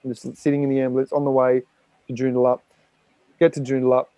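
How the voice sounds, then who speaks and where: A man's voice: mid-range voice, monotone, quick pace, warm tone, clean tone, no room sound. An Australian man, a podcast guest, telling a raw personal story with frequent swearing and rambling fillers.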